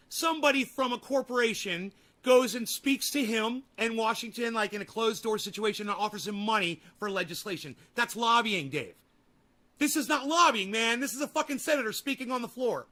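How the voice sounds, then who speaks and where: High, bright-voiced man yelling in exasperation. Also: normal speed. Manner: yelling, swearing, exasperated, swings to muttering. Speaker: livestream host. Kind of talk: ranting live commentary.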